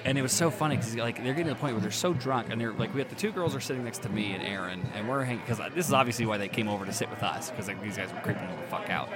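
A man's voice: medium pitch, animated, racing, few pauses, loud music behind the voice. A man telling a long story in casual chat, rambling and profane, often laughing.

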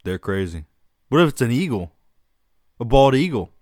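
A man's voice: mid-range voice, very animated, normal speed, a little mellow, no room sound, clean studio sound. A man from Arkansas co-hosting a casual chat, joking and laughing often.

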